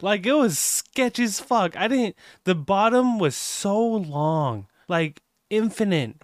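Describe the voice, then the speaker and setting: Man, podcast co-host, rambling and profane, slightly high voice, dry close sound. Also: expressive, slow pace, hardly any pauses, smooth, dry recording. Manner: rambling, profane storyteller, laughs a lot. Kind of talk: casual chat.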